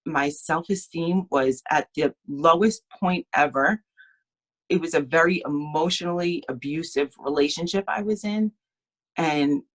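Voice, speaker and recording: A woman speaks in a low, earnest voice as she shares a personal testimony. She halts and restarts, close to tears, live from home over a video call. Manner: tearful, earnest, halting. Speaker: team member sharing her story.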